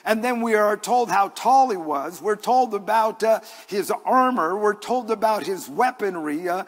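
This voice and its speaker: High-voiced preaching man in a reverberant church. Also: animated, measured pace, soft background music. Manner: earnest, conversational preaching. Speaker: pastor. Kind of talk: sermon with personal stories. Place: church sanctuary.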